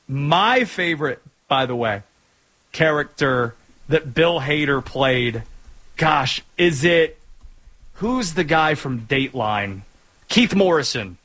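A man's voice: a little high, fairly bright tone, poor audio. A married man from North Carolina hosting a sports podcast, chatting casually with rambling joking asides.

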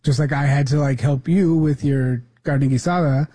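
A man co-hosting a radio talk show, replying in an easygoing, measured way. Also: fairly high pitch, fairly even intonation, warm tone, husky. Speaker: radio co-host.

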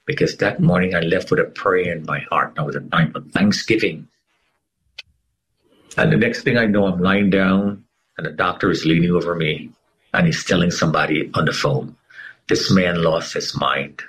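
Husky, low-voiced middle-aged man telling his story. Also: moderate pace, a bit bright, low-quality recording. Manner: dramatic storytelling with sweeping pitch swings. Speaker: interview guest. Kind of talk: emotional personal testimony.

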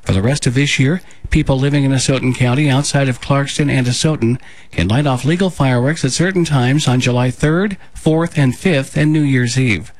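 A man in a radio studio reading local news bulletins in a steady, measured delivery. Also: mid-range voice, no echo. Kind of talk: scripted local news read.

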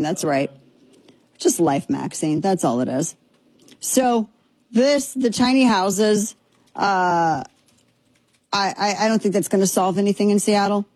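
A woman's voice: mid-range voice, darkish tone, dry recording. A woman hosting a commentary show, talking in an opinionated, sarcastic way and slipping into mocking impressions.

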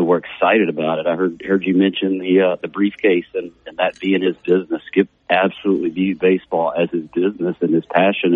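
A man's voice: sits low, breathy edge, no echo. A middle-aged man, a former player as a guest on a casual radio interview, rambling with many fillers. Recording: dull narrow phone-like radio audio, dry.

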